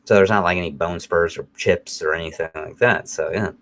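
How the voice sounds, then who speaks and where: Speaking fairly quickly in a low, creaky voice, this middle-aged podcast co-host rambles through casual chat and lively stories, swearing freely as he goes.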